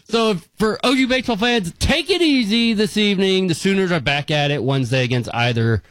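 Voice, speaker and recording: A man hosting a casual sports talk radio show, animated and quick to react and laugh. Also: high voice, no echo.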